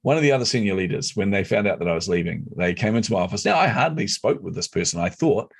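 A middle-aged man telling a personal story as an interview guest, animated and competitive. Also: on the low side, quick pace, husky. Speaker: guest, speaker and entrepreneur.

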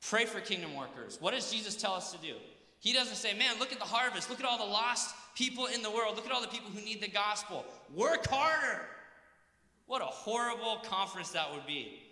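Earnest male pastor with a bright, high voice, preaching live in a reverberant hall. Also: lively intonation, fast. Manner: earnest, preacherly, leads call-and-response. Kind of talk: conference sermon. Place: conference hall. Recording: echoey hall, live PA sound.

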